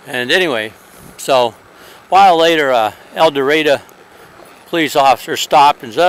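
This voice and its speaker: Fairly high-voiced man, wry outdoor travel diary. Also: moderate pace, long pauses, fairly bright tone. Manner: rambling, hesitant, wry and critical. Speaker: traveler on horseback, vlogger. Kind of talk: casual spoken travel diary. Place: outdoors in a town, with a horse.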